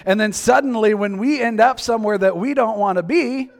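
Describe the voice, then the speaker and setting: Man, sermon, lively storytelling, rhetorical questions, slightly high voice. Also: a little fast, few pauses. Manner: animated storytelling, acting out quoted reactions; asks the listeners many questions. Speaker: preacher.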